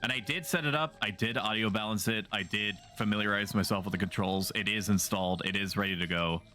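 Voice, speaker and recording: Male game streamer, lowish voice, rambling self-mocking chat, faint music behind. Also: brisk, pushed and bright. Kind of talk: casual gaming livestream chat.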